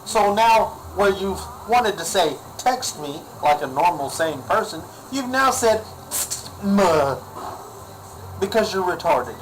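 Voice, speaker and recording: A man's voice: high voice, expressive, moderate pace, hardly any pauses, slight background noise, low-quality recording. Exasperated man ranting into a webcam. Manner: exasperated, sarcastic, repeats himself. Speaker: vlogger. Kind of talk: ranting vlog monologue.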